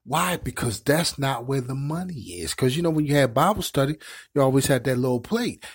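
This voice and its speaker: A man's voice: mid-range voice, expressive, fairly quick, husky. A middle-aged man hosting an online show, giving impassioned commentary in a preachy way and repeating words as he builds his points. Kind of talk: impassioned live-stream commentary.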